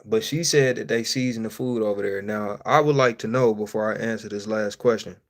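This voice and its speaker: A man hosting a casual live-stream Q&A, swearing freely and joking with viewers, laughing often and swinging between loud outbursts and quiet asides. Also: on the low side, fairly quick. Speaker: streamer host.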